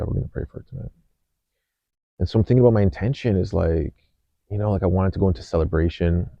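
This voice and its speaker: A man with a very deep, gravelly voice hosts a podcast and tells a personal story in an earnest, unhurried way. He often restarts his sentences and fills pauses. The recording is dry and a little dull. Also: no room sound. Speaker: podcast host. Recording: slightly dull dry sound.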